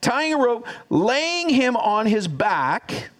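A man preaching a sermon as pastor, energetic and teaching, calling on the congregation to repeat after him. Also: extremely high pitch, slow pace. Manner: energetic, teaching, audience call-and-response.

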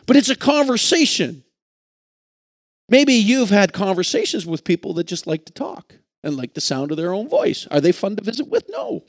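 A man's voice: high-pitched, very animated, normal speed, dry recording, studio quality. A man preaching a sermon in an earnest, reflective way, reading scripture and stumbling over a few words. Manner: earnest, reflective, with occasional restarts. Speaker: pastor.

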